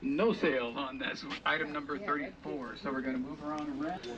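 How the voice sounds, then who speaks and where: A man working as auctioneer at an outdoor boat auction, calling bids quickly and joking with the crowd. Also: on the high side, fairly even intonation. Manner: rapid bid chant with playful crowd banter. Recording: distant, muffled, crowd around. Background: crowd chatter.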